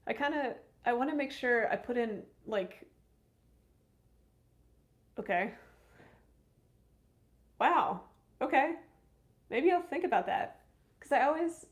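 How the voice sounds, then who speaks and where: A woman's voice: high-pitched, expressive, moderate pace. A woman chatting casually on a live stream, reading viewer comments aloud and answering them.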